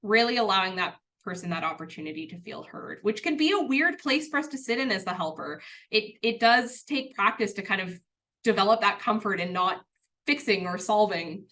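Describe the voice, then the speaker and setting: Bright-voiced woman presenting a webinar. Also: medium pitch, lively intonation, normal speed. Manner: conversational, earnest, a bit self-deprecating. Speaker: workplace training presenter. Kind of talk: training webinar.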